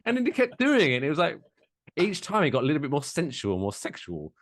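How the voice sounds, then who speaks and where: A man's voice: on the high side, huge pitch swings, fast talker. A man co-hosting a podcast in casual chat, ranting with plenty of swearing. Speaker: podcast co-host.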